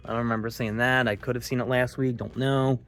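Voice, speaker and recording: A young man with a Philadelphia accent, chatting excitedly as he walks store aisles and films on his phone. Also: mid-range voice, fairly quick. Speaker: vlog host. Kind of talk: casual walk-through vlog.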